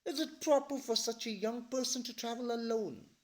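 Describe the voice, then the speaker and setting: A man's voice: extremely high pitch, normal speed, voice pushed up. A man voicing a fussy, concerned elderly woman who pries with questions. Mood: prying.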